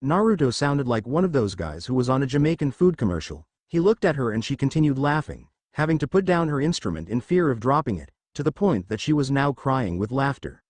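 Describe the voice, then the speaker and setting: A man reading fan fiction aloud as the narrator, in a steady storytelling manner. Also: medium pitch, brisk, hardly any pauses, no room sound.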